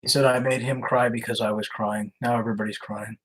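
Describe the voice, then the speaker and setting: A man with a husky, mid-pitched voice chats casually between prank calls. He laughs often and tosses off wry remarks. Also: flat delivery, brisk, a bit bright, rough recording. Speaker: prank caller. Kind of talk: casual chat.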